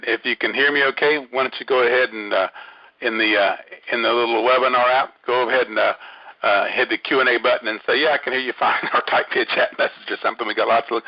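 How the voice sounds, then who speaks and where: A man's voice: mid-range voice, dry recording. Guy running a webinar over the phone line, rambly, lots of uhs, dull dry lo-fi sound. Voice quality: rambling, many fillers and restarts. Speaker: webinar host. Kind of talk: casual online training talk.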